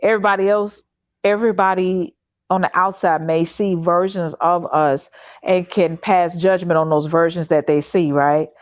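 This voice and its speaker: A fairly low-pitched woman from Chicago speaks into a home video-call setup, and the sound comes through a little muffled and lo-fi. She hosts a livestream talk show and tells a personal story in a loose, animated way, full of fillers and restarts. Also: moderate pace, no echo. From Chicago, United States. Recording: dull, slightly lo-fi dry stream audio.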